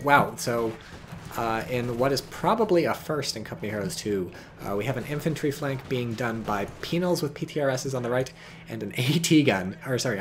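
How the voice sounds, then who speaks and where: A man's voice: mid-range voice, a little hiss or hum. A man giving casual, rambling commentary on a strategy game, joking and swearing as he goes. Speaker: game caster.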